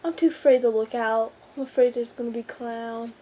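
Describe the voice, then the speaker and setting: A woman's voice: fairly high pitch, fairly even intonation, a little fast, mellow, slightly rough, rough recording. A young woman vlogging casually at home with her cat, rambling and giggly, swearing now and then. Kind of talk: casual chat to camera.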